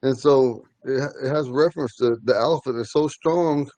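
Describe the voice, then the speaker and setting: A man teaching a language class, telling stories in a relaxed way and laughing often. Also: mid-range voice, normal speed, dry recording. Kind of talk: casual storytelling in class.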